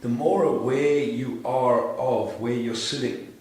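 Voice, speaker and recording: A man's voice: medium pitch, takes it slowly, darkish tone. A man hosting a casual coaching conversation, talking animatedly and playfully acting out little inner voices. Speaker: business coach and podcast host. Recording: echoey room, mic at a distance.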